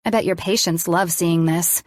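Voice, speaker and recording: Jealous young woman, accusing, sharp, low voice, dry audiobook sound, read by the woman narrating. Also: normal speed, dry recording, close to an everyday voice.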